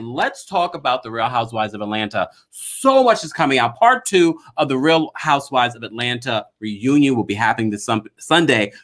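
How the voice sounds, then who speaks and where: A man's voice: medium pitch, pushed and bright. A man hosting a live celebrity gossip stream, chatting casually and laughing often. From raised by a Jamaican mother. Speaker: podcast host.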